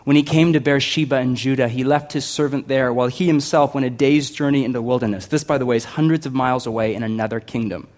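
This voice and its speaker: A man preaching a sermon, conversational and animated, swinging from loud to hushed with humorous asides. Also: medium pitch, fast talker, hardly any pauses. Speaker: pastor.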